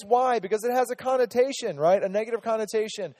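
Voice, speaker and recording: A man's voice: very high-pitched, fairly quick, hardly any pauses, darkish tone, big-room sound. A man teaching a casual Bible lesson to a group, chatty, asking them questions and restarting his sentences often.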